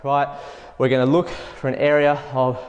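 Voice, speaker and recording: A man's voice: mid-range voice, flat delivery, moderate pace, lo-fi sound. A man leading a workout as fitness instructor, counting reps and urging people on, out of breath as he exercises along. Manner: encouraging, counts reps aloud while exercising. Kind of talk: workout coaching. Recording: long hall reverb.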